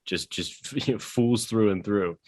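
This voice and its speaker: A man's voice: on the low side, a little slow, darkish tone, no room sound. A man in a casual book-discussion podcast, laughing often and reading passages aloud between fillers.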